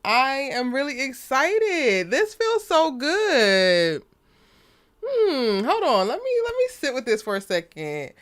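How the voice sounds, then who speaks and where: A woman hosts a live stream in a lively, chatty way, greeting viewers one by one. Her voice is smooth and a bit high for a woman, though still recovering after she lost it. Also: takes it slowly. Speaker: host.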